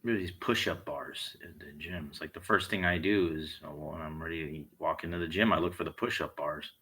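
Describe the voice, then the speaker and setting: A man's voice: a bass voice, a little fast, pushed and bright, husky, low-quality recording. A man delivering a blunt, heated monologue full of swearing. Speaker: vlogger. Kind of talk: profane monologue rant.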